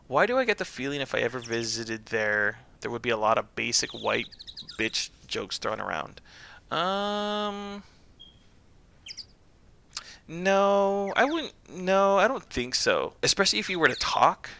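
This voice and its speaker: A man's voice: medium pitch, a little slow, vocal fry, noisy background. A young man streaming a game, chatting casually and joking, putting on voices. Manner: joking, animated, puts on voices. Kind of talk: casual let's-play chat.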